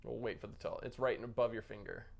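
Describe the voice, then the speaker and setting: A man's voice: mid-range voice, fast talker, creaky. A man hosting a casual chat, playful and giggly, teasing his guest. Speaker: host.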